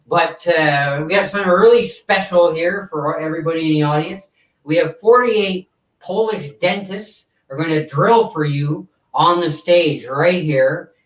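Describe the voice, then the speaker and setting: A man's voice: a little high, unhurried, a bit bright, distant mic. A man doing an impression of an older male TV variety show host, with a stiff, stagey announcer delivery. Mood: showy. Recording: roomy, away from the mic.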